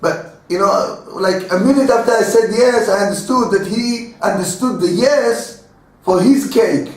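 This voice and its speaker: A man teaching a Torah class in a halting, earnest way, with many fillers and restarts. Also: high voice, a little mellow. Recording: echoey room, voice from a distance.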